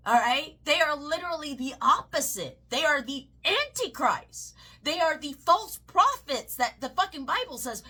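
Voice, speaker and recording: A woman's voice: sing-song, moderate pace, few pauses, pushed and bright. Ranting, swearing Southern woman. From American South. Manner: heated, swearing, swings into high mocking shrieks. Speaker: political commentator. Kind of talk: profane ranting commentary.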